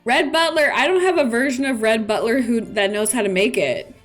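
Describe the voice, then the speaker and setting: A woman's voice: on the high side, animated, fairly quick, faint music behind. A woman streamer chatting playfully through casual gameplay commentary. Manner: chatty, playful, with laughs and fillers.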